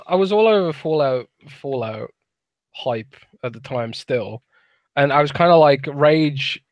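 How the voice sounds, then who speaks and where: A British man in his thirties talking casually on a podcast, at an ordinary middle pitch. He thinks aloud with frequent restarts, and his voice sounds dry and close to the mic. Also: no echo. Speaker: podcast co-host.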